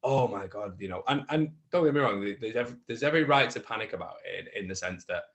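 A man's voice: mid-range voice, expressive, fairly bright tone. A man, an actor chatting casually as a guest, full of restarts that build into emphatic advice. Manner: halting, many restarts, gets emphatic giving advice. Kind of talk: casual chat.

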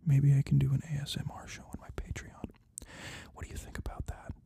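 A man putting on a teasing mock ASMR voice in whispered role-play, breathy and close to the pop filter. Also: medium pitch, monotone, a little fast, warm tone, pitched below the performer's own voice, full character voice.

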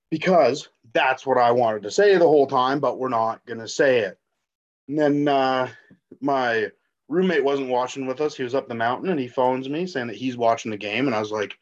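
A man's voice: mid-range voice, normal speed, highs cut off. Rowdy, profane male sports fan. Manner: loud, profane, animated fan talk. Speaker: podcast guest, sports fan. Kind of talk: excited casual storytelling.

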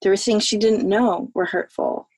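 A woman's voice: mid-range voice, fairly even intonation, a little mellow, husky, no echo. Heartfelt woman telling a personal story. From American South. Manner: heartfelt, halting, emotional. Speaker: guest. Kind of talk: personal storytelling in a podcast interview.

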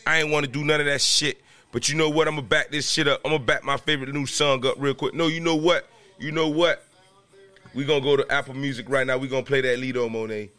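A man's voice: mid-range voice, fairly even intonation, fast, pushed and bright. A man hosting a casual podcast from a room at home, ranting in an agitated, repetitive way and raising his voice at times. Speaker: podcast host.

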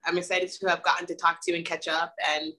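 A woman guest on a podcast, talking with animated enthusiasm. She leans into each story with lots of warmth toward her host. Her voice has a strong, bright edge. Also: fairly low pitch, quick pace, rough recording. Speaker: guest actress. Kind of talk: casual chat.

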